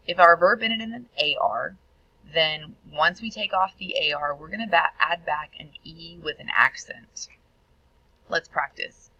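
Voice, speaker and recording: A woman gives a recorded Spanish lesson with a bright, gravelly voice. She explains each step plainly and stresses the Spanish words as she sounds them out. The recording is dry and a little dull. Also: sits low, a little slow, no room sound. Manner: clear instructional delivery, sounding out Spanish words. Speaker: Spanish teacher. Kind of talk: recorded video tutorial.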